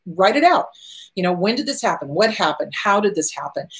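A woman's voice: mid-range voice, big pitch swings, brisk. A middle-aged woman hosting a relationship advice talk, answering viewer questions and driving her points home by repeating them. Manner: emphatic, repeats key phrases. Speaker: host.

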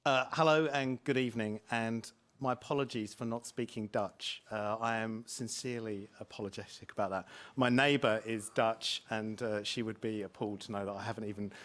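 A man's voice: fairly low pitch, steady tone, normal speed, hardly any pauses, a bit bright. A man from England, a politics lecturer, giving a hesitant, self-deprecating talk on a panel, full of ums and uhs. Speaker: author and lecturer. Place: public debate hall.

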